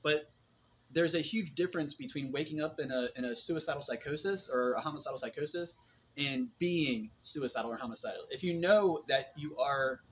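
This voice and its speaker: Slightly high and a bit bright, this man's voice moves at a moderate pace. He's a forties-aged vlogger sharing personal stories in a loose monologue full of fillers and restarted sentences, recorded with dull, lo-fi sound and a little background noise.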